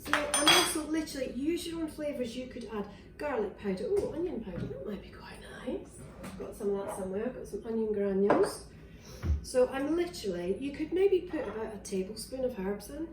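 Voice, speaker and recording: A woman's voice: high-pitched, expressive, brisk, heavy background noise. Chatty Scottish woman in a clattering kitchen. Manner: chatty and rambling, with fillers and restarts. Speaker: wellness vlogger. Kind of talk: casual cooking demonstration. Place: home kitchen. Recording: roomy, distant, with clattering kitchenware. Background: clinks of dishes, cutlery and pans.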